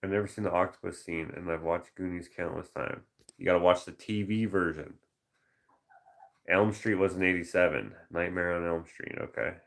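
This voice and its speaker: A man chatting casually to a live-stream audience, his voice sitting very low with a gravelly fry. He muses aloud over viewer suggestions and now and then slips into quick movie-quote voices. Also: steady tone. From Canada. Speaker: painter reading viewer suggestions.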